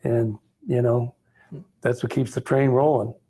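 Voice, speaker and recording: A man's voice: mid-range voice, fairly even intonation, unhurried, mellow, slightly rough. A man who works as an insurance agent, giving plainspoken, matter-of-fact advice in a casual chat.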